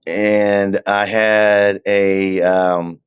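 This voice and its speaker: A man with a drawl and a low voice, spinning a long, unhurried story as a podcast guest. He keeps turning to the listener with little asides. The audio is dull and lo-fi, like a remote call. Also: little pitch movement, smooth. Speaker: guest telling his story. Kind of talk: casual storytelling.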